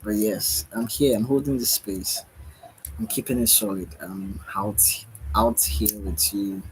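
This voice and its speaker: A man's voice: fairly low pitch, steady tone, a little hiss or hum, poor audio. A tired man giving a musing spiritual monologue late at night, sighing and yawning as he talks. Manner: slow, musing, with sighs and yawns. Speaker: spiritual speaker.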